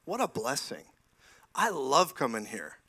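A man in his forties delivers a lively sermon from a church stage, moving between personal stories and exclamations of praise. His voice is mid-pitched and he talks with enthusiasm, often breaking into laughter. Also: a little slow, husky. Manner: enthusiastic, laughing asides, frequent praise interjections. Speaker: preacher. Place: church sanctuary.

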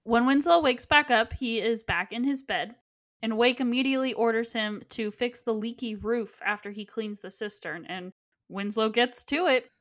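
A woman's voice: fairly high pitch, moderate pace. Matter-of-fact woman summarizing a plot. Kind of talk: casual podcast chat, summarizing plot.

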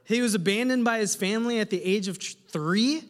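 Male pastor, high-pitched, lively and humorous from the pulpit, heard in a long-reverb hall. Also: brisk. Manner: animated, humorous, asks the congregation questions. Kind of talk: sermon. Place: church hall with a congregation.

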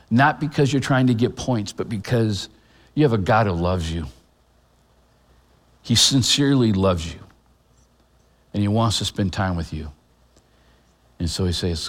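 A middle-aged man preaching a sermon as a pastor, earnest and halting, with restarts and fillers. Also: lowish voice, animated, big-room sound. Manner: emotional, choked up at moments.

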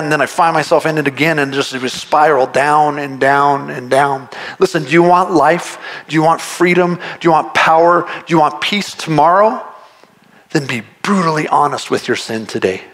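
A male pastor delivers a sermon in a direct, earnest way, pressing each point with repetition. His voice sits a little higher than most men's. He talks straight to the congregation. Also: a bit bright. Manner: direct, earnest preaching with repeated urgent phrases.

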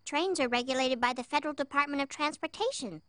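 A woman's voice: sits high, fast talker, fairly bright tone, dry recording, studio quality. A woman voicing an earnest, know-it-all cartoon schoolgirl who lectures.

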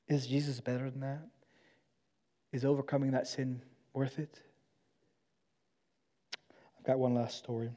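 A young man preaching a sermon to students, swinging from quiet, intimate appeals to loud, urgent pleas. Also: mid-range voice, level tone, fairly quick, long pauses. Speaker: campus minister.

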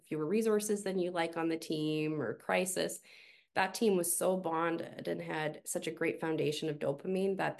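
Low, gravelly-voiced woman coach. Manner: animated storyteller with fillers. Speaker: podcast guest, team coach. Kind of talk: conversational podcast interview.

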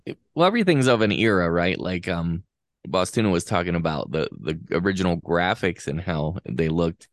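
A man in his forties with a low voice, a guest on a podcast, talking in an easygoing, thoughtful way. The sound is dry and close to the mic. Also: sing-song, normal speed, no echo. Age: 40s. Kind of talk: casual chat.

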